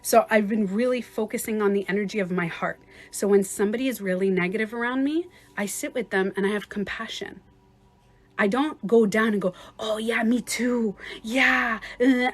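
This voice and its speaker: Chatty woman life coach on a livestream. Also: mid-range voice. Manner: chatty, laughs often, acts out little scenarios. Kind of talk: casual livestream coaching talk.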